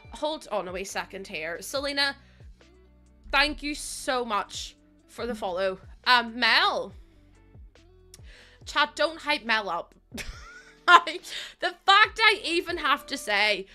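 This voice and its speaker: A woman's voice: fairly high pitch, expressive, takes it slowly, pauses often, sharp tone, soft background music. A woman streaming live, chatting casually with her viewers, greeting them and laughing often.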